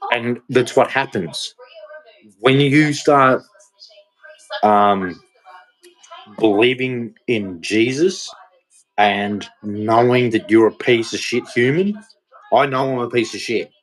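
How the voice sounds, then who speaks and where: A man's voice: medium pitch, takes it slowly, pauses often, fairly bright tone, rough recording. An Australian man with a blunt, profane, confrontational manner, ranting in a monologue to camera. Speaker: vlogger.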